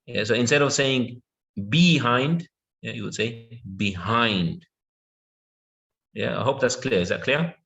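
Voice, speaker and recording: A man giving an online English lesson in an everyday mid-range voice. He talks patiently, drawing words out and filling the pauses with yeah and okay while he checks that his students follow. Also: medium pitch, creaky, fairly bright tone. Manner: patient, repeats words slowly with many yeahs and okays. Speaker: English teacher.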